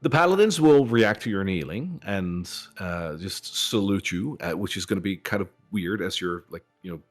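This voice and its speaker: A man from the Netherlands, narrating a tabletop game as game master in a relaxed way with many fillers. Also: low voice, normal speed, faint music behind.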